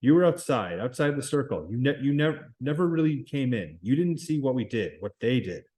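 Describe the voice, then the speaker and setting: A man reading aloud and voicing a shaken boy leader who speaks in a low, stricken way. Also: big pitch swings, fairly quick, darkish tone, close to an everyday voice.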